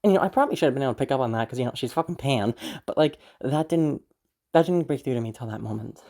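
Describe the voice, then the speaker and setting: Mellow-voiced young vlogger, giggly and rambling. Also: medium pitch, animated, racing. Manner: rambling, frequent fillers and giggles. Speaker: YouTube voice creator. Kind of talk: casual vlog talk to camera.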